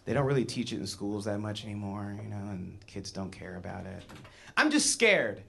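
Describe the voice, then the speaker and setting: Man, stand-up comedian, animated delivery, very lively pitch, bright tone, hushed asides to shouted bits. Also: moderate pace, creaky, slight background noise. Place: comedy club stage with audience laughter.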